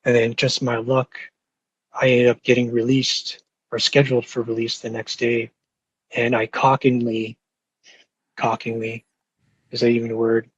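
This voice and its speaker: A man's voice: mid-range voice, monotone, a little slow, pauses often, husky, dry recording, lo-fi sound. A young man telling a rambling, profane story with lots of fillers and restarts in casual podcast talk. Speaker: podcast host.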